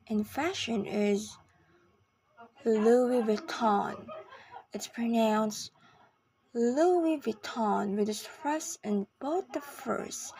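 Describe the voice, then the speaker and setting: A woman giving a scripted pronunciation lesson, speaking slowly and carefully, often half-whispered. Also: fairly high pitch, darkish tone, slightly rough. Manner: slow, careful enunciation with long pauses. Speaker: pronunciation teacher.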